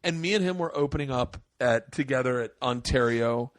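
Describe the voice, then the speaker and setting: A man's voice: medium pitch, brisk, dry recording, studio quality. A man in his forties hosting a podcast, telling profane stories in casual chat. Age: 40s. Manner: animated, profane storyteller. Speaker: podcast host.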